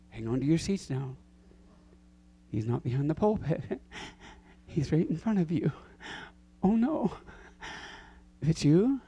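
A middle-aged man preaching a sermon to his small church, acting out scripture with big swings in pitch and loudness. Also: very animated, unhurried, long pauses, husky, lo-fi sound. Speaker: pastor.

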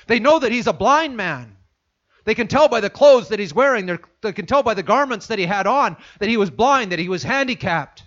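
A man's voice: sits high, a bit bright. A man preaching a sermon, retelling a story and repeating phrases for emphasis, in a dull lo-fi recording.

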